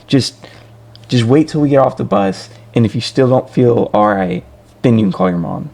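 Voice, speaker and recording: A calm teenage friend talks someone down in a soothing, coaxing way, voiced by a man retelling the story. The voice is heavily gravelly, with lots of fry. Its pitch moves up and down a lot. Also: moderate pace.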